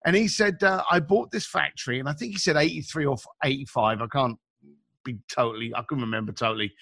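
Male guest, bright and forceful, animated storyteller, slangy. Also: mid-range voice, fast. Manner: animated, chatty, acts out quotes; informal slang. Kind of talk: casual storytelling.

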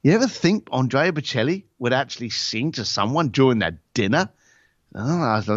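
A man's voice: medium pitch, expressive, fairly quick, dry recording, muffled recording. A man on a podcast telling a story in a blunt, casual way. He swears and acts out both sides of the conversation. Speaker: podcast guest.

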